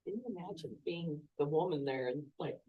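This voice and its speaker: A woman's voice: low-pitched, fairly quick, phone-quality sound. A woman in a Bible study group, chatting casually and laughing as she comments. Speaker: class member.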